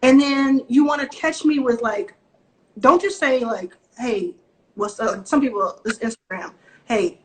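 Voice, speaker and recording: A woman from the Southern US with a Southern accent, an investor giving direct, animated advice on a video call and acting out quotes from people. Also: high-pitched, moderate pace, noisy background. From Southern US (Texas and Mississippi). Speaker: venture capital investor, guest. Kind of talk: casual video-call interview.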